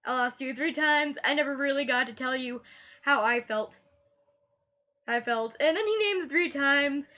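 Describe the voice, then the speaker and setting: A woman's voice: high-pitched, unhurried, sharp tone, lo-fi sound. A woman reviewing a TV episode in casual chat, gushing and often repeating her last word.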